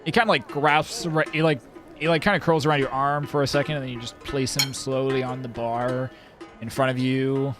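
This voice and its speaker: A man's voice: mid-range voice, little pitch movement, a little fast, music in the background. Rambling man narrating a tabletop game. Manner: rambling, many fillers and restarts. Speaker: dungeon master.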